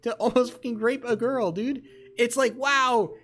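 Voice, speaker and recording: A young man chatting on a live stream, rambling and excitable with lots of swearing. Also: extremely high pitch, moderate pace. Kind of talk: casual live-stream chat.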